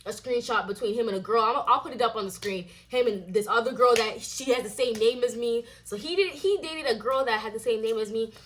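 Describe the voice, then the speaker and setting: A young woman telling a storytime vlog as a casual rant, swearing and acting out quoted lines in a higher voice. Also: a little fast, few pauses, slight background noise. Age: young adult.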